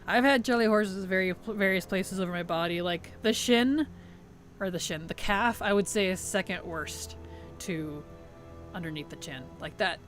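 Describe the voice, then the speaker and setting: A woman's voice: mid-range voice, normal speed, soft background music. A woman streamer in casual livestream chat, thanking subscribers, answering chat and giggling often.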